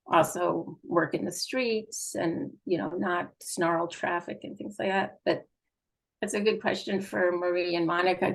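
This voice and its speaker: A woman's voice: fairly low pitch, vocal fry, low-quality recording. A woman speaking for a gas utility at a public meeting, explaining at length with frequent fillers. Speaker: utility company representative.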